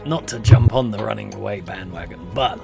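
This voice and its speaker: Male player, lowish gravelly voice, animated and wry, music clearly audible behind. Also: fairly quick. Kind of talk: casual game chat.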